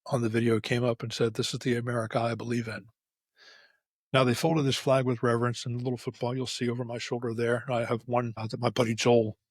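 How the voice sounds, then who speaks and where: A man's voice: medium pitch, husky, no echo, clean studio sound. A middle-aged man hosting an unscripted solo podcast episode, telling stories candidly and rambling with frequent restarts. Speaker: podcast host. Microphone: facing camera, close mic.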